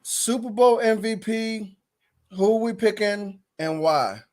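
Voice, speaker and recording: Male co-host, high voice, casual sports talk, short interjections, steers topics. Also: slow, a little mellow. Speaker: podcast co-host.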